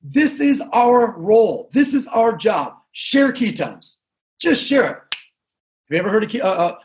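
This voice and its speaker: High-voiced man giving a pep talk. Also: moderate pace. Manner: energetic, repetitive, talks to the crowd. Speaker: sales trainer. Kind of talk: motivational talk.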